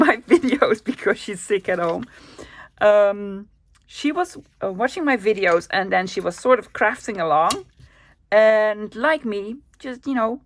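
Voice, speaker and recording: Chatty Dutch-accented woman crafting. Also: a little high. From Netherlands. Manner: chatty, talks to herself while working. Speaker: crafting channel host. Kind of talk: casual craft-along chat.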